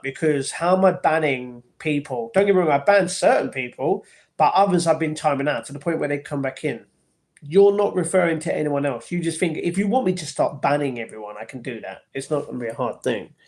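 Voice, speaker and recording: A chatty man hosting a casual livestream from his home, reading out and answering his viewers' messages as they come in. His voice sits a little higher than most men's, and he slips into a mildly defensive, explaining tone when he talks back to the chat. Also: darkish tone. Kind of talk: casual live-stream chat.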